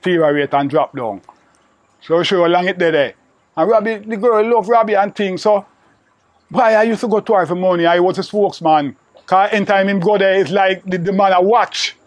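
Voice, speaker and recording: An older man with a Jamaican patois accent tells an interviewer a long, rambling, repetitive story about an old friend, filling it with "you know." His voice is high and his pace fairly quick, in a dry recording.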